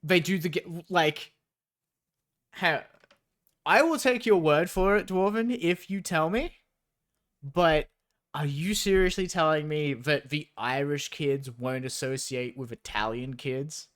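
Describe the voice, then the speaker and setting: A man's voice: on the high side, takes it slowly, a bit bright. A young man streaming as he reads a story aloud, breaking off into incredulous, profane, sarcastic asides.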